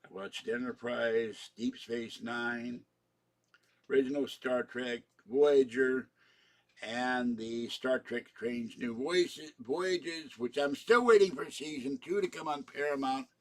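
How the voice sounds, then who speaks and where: A man's voice: mid-range voice, slow. An older man hosting a live stream, rambling through strong opinions in a grumbling, casual way. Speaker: channel host.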